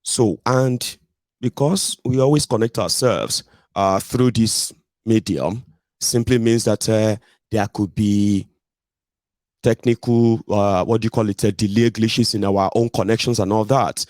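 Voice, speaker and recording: Brief: Nigerian-accented male podcast host, low-pitched and blunt, rambling and digressive, dry close sound. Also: a little slow, darkish tone, no room sound. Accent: Nigerian English. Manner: digressive, blunt, peppered with pidgin tag questions. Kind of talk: casual ranting monologue.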